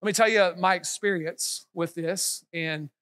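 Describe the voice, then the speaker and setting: A middle-aged male pastor telling a story in a sermon, getting animated and loud as it builds. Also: unhurried. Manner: animated, gets loud and high when excited.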